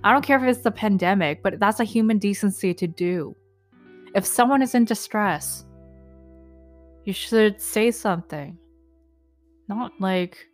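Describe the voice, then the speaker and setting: A young woman vlogger recounts an incident in an angry, indignant way, casual and profane, with many fillers. Her medium-pitched voice is unhurried with long pauses, and faint music plays behind her.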